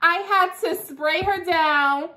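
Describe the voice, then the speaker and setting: A woman's voice: very high voice, slow pace, bright, forceful tone. A woman vlogger chatting casually to camera in a playful way, laughing often.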